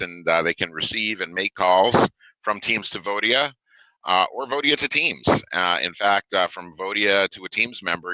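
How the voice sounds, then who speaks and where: A low-pitched man talks through a product webinar in an easygoing, chatty way, full of "uh" and "you know." His voice is bright and forward, and the sound is dry and close with no room echo. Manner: loose and conversational, many fillers. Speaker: webinar presenter. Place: home or office desk, reading a live chat.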